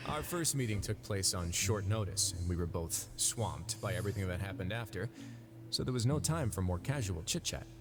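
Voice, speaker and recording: A man voicing a composed duke in a video game, speaking calmly and courteously. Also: low-pitched. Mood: measured. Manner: calm, measured, courteous. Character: composed male duke running a fortress. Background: game music.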